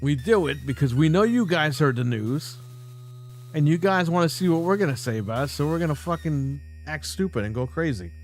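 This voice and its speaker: A man's voice: on the high side, animated, a little fast, a little hiss or hum. A man hosting a casual livestream show, ranting bluntly and mockingly with plenty of swearing. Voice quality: profane, blunt. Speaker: podcast host.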